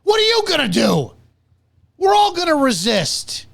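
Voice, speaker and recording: A man's voice: extremely high pitch, huge pitch swings, measured pace, creaky, a bit bright. A man hosting reaction commentary, heated and profane, berating the person he is reacting to. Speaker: commentator and host.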